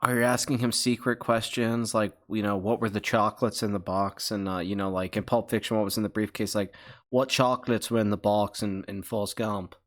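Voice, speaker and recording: A man's voice: fairly low pitch, flat delivery, a little fast, a bit bright. A man hosting a casual livestream, rambling through chat questions with profane joking accusations. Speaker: channel host.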